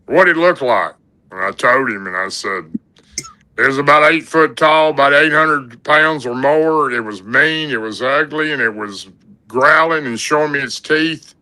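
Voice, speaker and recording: A man's voice: mid-range voice, normal speed, pushed and bright, poor audio. A man telling a long personal story in a rambling, folksy way, with many "and, uh" fillers, as a podcast guest. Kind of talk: casual storytelling.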